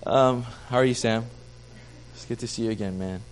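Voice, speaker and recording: A man's voice: medium pitch, sing-song, normal speed. Joking, chatty young pastor, a man. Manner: chatty, self-deprecating, talks with the audience. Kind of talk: casual sermon to a small congregation.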